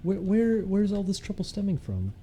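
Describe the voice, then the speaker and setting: A man's voice: high-pitched, big pitch swings, normal speed, mellow, a little hiss or hum, pitched above the performer's own voice. A man playing a prying mock therapist. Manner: questioning in a mock clinical tone.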